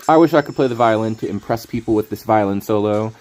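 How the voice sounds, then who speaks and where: A man's voice: lowish voice, quick pace, a little mellow, soft background music. A man streaming a card game, rambling through casual commentary, playful and laughing often.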